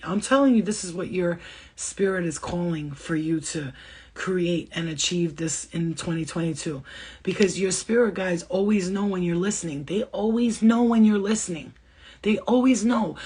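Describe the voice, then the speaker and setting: Brief: woman channeler on a casual livestream, husky voice, quick and blunt, swears freely. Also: mid-range voice, a little mellow. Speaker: spiritual channeler giving a reading.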